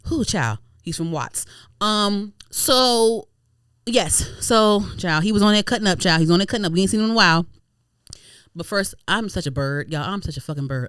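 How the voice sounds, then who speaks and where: A woman hosting a podcast in casual chat, animated and slangy, swearing freely. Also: fairly low pitch, clear, resonant tone, no echo, studio quality. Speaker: podcast host.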